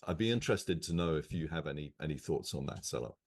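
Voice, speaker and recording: A man hosting a casual interview, measured and thoughtful, with hesitant fillers. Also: a bass voice, animated. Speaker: host.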